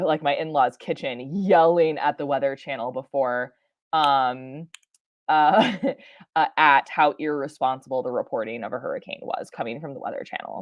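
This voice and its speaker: Low-pitched woman streamer, rambly and chatty, lots of ums, dry close sound. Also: no echo. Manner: rambling, many fillers and self-interruptions; chatty, laughs often. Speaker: science streamer. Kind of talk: live-stream reaction chat.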